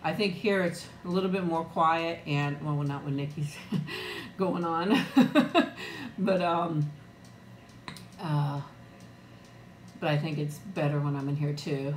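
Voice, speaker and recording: A woman's voice: deep voice, takes it slowly, long pauses, echoey room, slight background noise. A middle-aged woman chatting casually on a live eating stream, greeting viewers by name and laughing often. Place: room at home. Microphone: new external mic, close.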